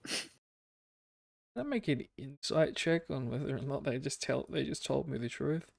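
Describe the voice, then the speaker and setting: A man's voice: mid-range voice, normal speed, creaky, no echo, clean studio sound. A man playing a tabletop game, talking casually with the game master. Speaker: player.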